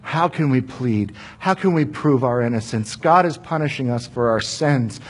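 A man's voice: medium pitch, expressive, moderate pace, slightly rough. A man voicing a humbled grown brother pleading earnestly before a ruler.

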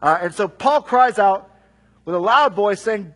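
A middle-aged man preaching a sermon, reading scripture and adding lively conversational asides. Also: sits high, poor audio. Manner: conversational, animated asides with quick jokes.

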